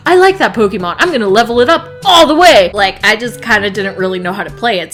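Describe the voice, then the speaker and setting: Young woman vlogger, bright tone, animated and profane, with light music under her. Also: mid-range voice. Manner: animated, profane, laughs often. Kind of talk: casual storytime vlog.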